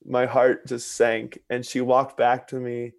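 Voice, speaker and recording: A man telling a personal story in conversation, earnest and expressive, with many fillers. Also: mid-range voice, measured pace, vocal fry, no echo.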